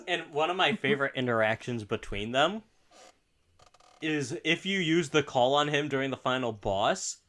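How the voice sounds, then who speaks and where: A man's voice: medium pitch, lively intonation, normal speed, fairly bright tone. A man co-hosting a casual podcast, chatting about a video game, laughing often and acting out quoted lines. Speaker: podcast co-host.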